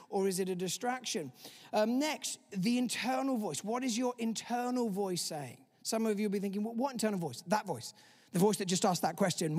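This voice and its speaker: A man preaches with a high, light voice, acting out imagined inner voices as he teaches. The sound carries a long reverb from a large hall. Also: a little mellow. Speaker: pastor. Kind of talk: sermon.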